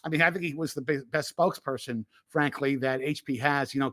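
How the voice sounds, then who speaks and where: A man hosting a tech podcast in casual chat, talking in an animated way with lots of fillers and restarts. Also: medium pitch, brisk, few pauses, no room sound. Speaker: podcast host and tech analyst. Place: remote recording.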